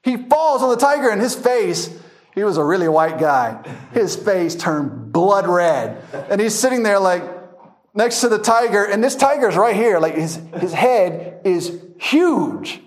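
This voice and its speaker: A man's voice: sits high, measured pace. A man teaching a verse-by-verse Bible class, telling funny stories with frequent laughter. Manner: laughing storyteller, animated anecdotes.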